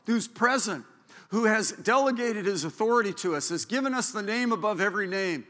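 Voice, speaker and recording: A man preaching a sermon as pastor in a church, fervent and building to loud declarations. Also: high-pitched, expressive, normal speed. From Southern California. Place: church sanctuary. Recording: echoey church hall.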